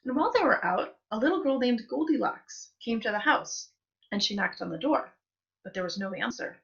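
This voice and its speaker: A woman reading a story aloud at a reading event, in an expressive, sing-song delivery. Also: on the high side, a little fast, vocal fry. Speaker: reader. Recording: muffled live-stream audio.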